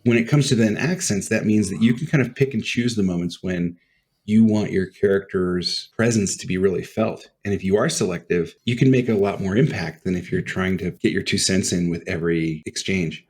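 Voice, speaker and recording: A man's voice: deep voice, fairly quick, darkish tone, slightly rough. A man co-hosting a podcast in casual chat, thoughtful and explanatory. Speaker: podcast co-host.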